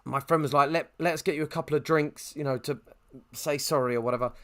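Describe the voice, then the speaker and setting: A man co-hosting a podcast, telling a long anecdote and jumping into high quoted voices. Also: normal speed. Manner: animated storyteller, jumps pitch for quoted voices. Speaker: podcast co-host.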